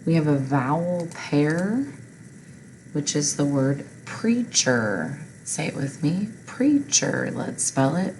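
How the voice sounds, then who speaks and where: A woman's voice: low voice, animated, slow, a little mellow, slight background noise, low-quality recording. A woman teaching a phonics lesson, patiently reading word lists and spelling words out, asking listeners to repeat after her.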